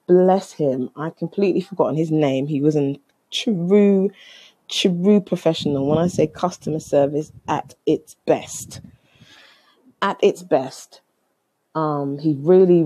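A woman's voice: low-pitched, warm tone, breathy edge, dry recording, low-quality recording. A woman casually telling a story from her travels, acting out both sides of the conversation.

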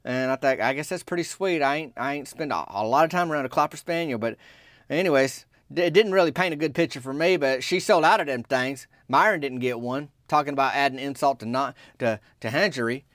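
A man telling a comic story in a rambling, deadpan, folksy way. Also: mid-range voice, a little fast, no echo, clean studio sound.

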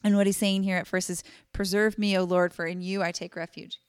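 A woman's voice: mid-range voice, level tone, a little fast, clean tone, dry recording, clean studio sound. A woman co-hosting a casual Bible study podcast, talking earnestly with many fillers. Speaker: podcast co-host.

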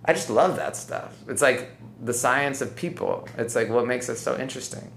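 A man's voice: medium pitch, moderate pace, vocal fry, a bit bright, slight background noise. A man hosting a podcast in casual chat, rambling and reflective, often saying "like" and "right?". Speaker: podcast host.

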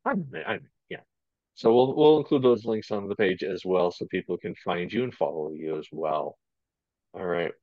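A man's voice: low-pitched, moderate pace, darkish tone, dry recording, lo-fi sound. A man hosting an interview, speaking casually with many hesitant fillers. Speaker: interview host.

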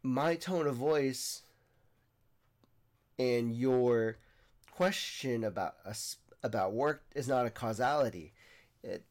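A man's voice: medium pitch, takes it slowly, long pauses, darkish tone. A young man hosting a podcast, talking earnestly in a casual monologue, often restarting his sentences. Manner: earnest, rambling, with frequent restarts. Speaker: podcast host.

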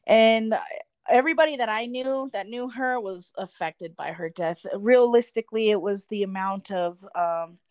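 A woman's voice: on the high side, moderate pace, darkish tone, no echo. Woman in her 30s telling a story on a show, super chatty, lots of likes, dry close sound. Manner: chatty, many fillers, laughs between thoughts. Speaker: guest. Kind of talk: casual storytelling.

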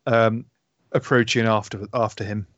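A man's voice: lowish voice, flat delivery, normal speed, fairly bright tone, highs cut off. A man playing a tabletop game in casual chat, joking and laughing with the group. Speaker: player.

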